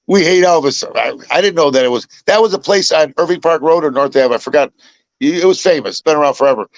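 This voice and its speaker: Older man from Chicago, host, casual chat, rambling restarts, slightly high voice, dry close sound. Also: expressive, fast, dry recording, muffled recording. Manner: rambling storyteller, many restarts and repeats. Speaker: podcast host.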